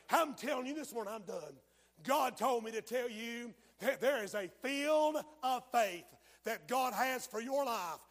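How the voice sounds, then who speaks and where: A man preaching a fiery sermon, dropping to a hush and then rising to shouts. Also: extremely high pitch, expressive, normal speed, in a large hall. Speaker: pastor. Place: church sanctuary.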